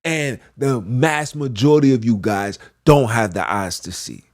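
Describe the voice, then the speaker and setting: A man's voice: medium pitch, unhurried. A man preaching a fervent, repetitive monologue as a podcast host, slipping into archaic scripture phrasing.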